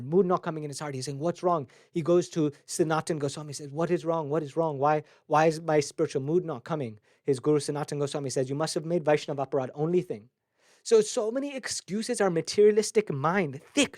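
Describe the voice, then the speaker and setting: A man's voice: high voice, a little mellow, no echo, studio quality. A man giving a devotional class, impassioned and ranting at times, with many Sanskrit terms. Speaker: spiritual teacher.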